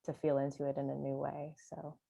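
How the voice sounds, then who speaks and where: A woman sharing in a meditation group, halting and searching for words, with many fillers. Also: sits low, little pitch movement, creaky, mellow, breathy edge, no room sound. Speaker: retreat participant sharing.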